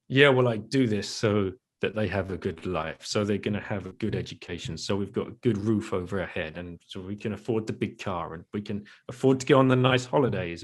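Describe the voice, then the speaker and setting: Candid reflective man, guest on a podcast. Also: fairly low pitch. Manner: reflective, candid, self-deprecating laughs. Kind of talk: casual interview talk.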